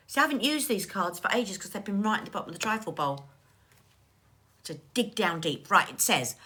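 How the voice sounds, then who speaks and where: A woman reads cards as a psychic medium on a livestream, chatting warmly and calling viewers darling. Her voice is bright and forward, and it swoops up and down through a wide pitch range. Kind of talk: live-stream card reading.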